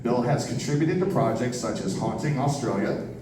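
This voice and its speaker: A man's voice: medium pitch, expressive, moderate pace. A man introducing a speaker at a convention, playful and leading the crowd in call-and-response. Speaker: event host introducing a speaker. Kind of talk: lively stage introduction with crowd participation. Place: convention hall with an audience. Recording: echoey hall, heard from a distance, noisy crowd.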